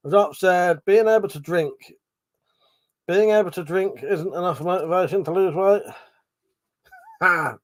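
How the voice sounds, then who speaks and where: A man's voice: fairly high pitch, unhurried. A middle-aged man hosting a casual livestream, reading chat messages aloud, swearing freely, laughing and mumbling asides. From Britain.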